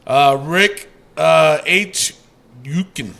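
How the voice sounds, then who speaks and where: A man hosting a casual podcast, loud and profane, reading out listener comments with laughter. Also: high-pitched, sing-song, drawn-out words, creaky, long pauses. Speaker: podcast host.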